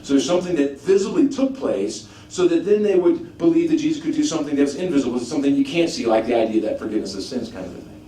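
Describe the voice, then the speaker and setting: A man preaching a teaching sermon, animated, asking rhetorical questions and often restarting his sentences. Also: mid-range voice, fast, hardly any pauses. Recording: echoey room, mic at a distance, faint background noise.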